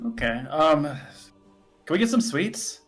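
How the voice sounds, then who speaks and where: A man's voice: fairly high pitch, very animated, a little slow, faint music behind. A man voicing a curious young farm son who asks eager questions.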